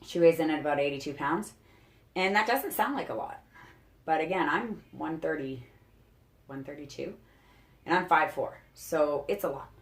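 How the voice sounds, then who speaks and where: Young woman vlogger, deep speaking voice, chatty and breathless, roomy home echo. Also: lively intonation, normal speed, long pauses. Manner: chatty, laughs often, frequent fillers. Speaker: reptile keeper vlogger. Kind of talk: casual show-and-tell vlog. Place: indoors at home. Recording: echoey home room.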